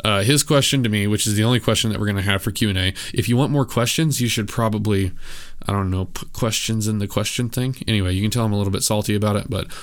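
A man's voice: lowish voice, quick pace. A man hosting a solo podcast, talking casually and candidly in a rambling way with lots of filler words. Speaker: podcast host.

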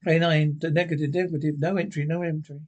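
A clipped male robot dog computer, as a man reads it aloud. It speaks in short, repeated commands. The voice sits fairly high for a man. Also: level tone, fast, a little mellow, close to an everyday voice.

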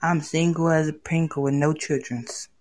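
A woman's voice: low voice, steady tone, normal speed, darkish tone. Woman, blunt, jokey, swears a lot, casual stream chat. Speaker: live stream guest.

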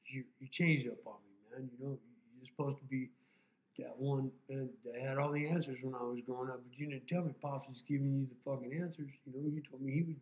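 A blunt man in his fifties, talking openly and at length with plenty of swearing. He has a medium-pitched voice. The sound is thin and phone-like, with a roomy echo around it. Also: steady tone, fast talker. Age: 50s. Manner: blunt, profane, rambling. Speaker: podcast guest. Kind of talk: candid personal conversation. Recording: tinny phone-like sound in an echoey room.

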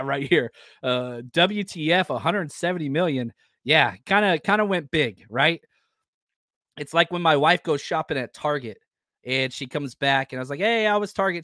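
A man's voice: a little high, a bit bright, no room sound, studio quality. A man hosting a live sports fan podcast, talking with enthusiasm and gratitude and reading listener comments aloud. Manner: enthusiastic, grateful, reads chat comments aloud. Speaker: podcast host.

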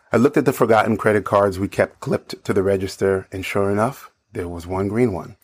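A man, a bartender, calmly narrating a story from behind the bar. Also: lowish voice, fairly quick, hardly any pauses, slightly rough.

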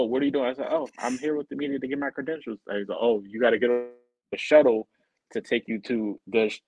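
A man co-hosting a podcast, telling a story in a casual, animated way and acting out other people's lines in a higher voice. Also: no room sound, lo-fi sound. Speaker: podcast co-host.

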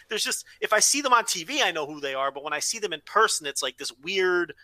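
A man's voice: fairly high pitch, very animated, fast, pushed and bright, no echo, low-quality recording. A man hosting a podcast, chatting casually with agreeable, rambling asides. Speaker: podcast host. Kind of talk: casual chat.

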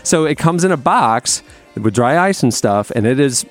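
A man's voice: mid-range voice, animated, moderate pace, faint music behind. A man hosting a podcast from a studio, telling stories in an enthusiastic, chatty way and reading an ad. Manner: chatty, enthusiastic storyteller with restarts. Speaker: podcast host. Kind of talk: casual chat and host-read ad.

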